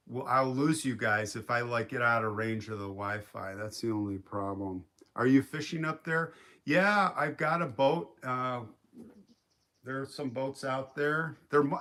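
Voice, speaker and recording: A man's voice: mid-range voice, bright, forceful tone. Rambling man hosting a live stream. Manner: rambling, reads viewer comments aloud. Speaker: livestream host. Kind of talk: casual live-stream chat. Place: quiet home in the woods by a lake.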